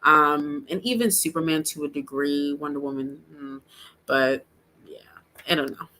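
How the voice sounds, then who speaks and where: A woman's voice: low voice, fairly even intonation, normal speed, pushed and bright. A woman co-hosting a casual podcast, opinionated, often laughing and trailing off. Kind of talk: casual chat.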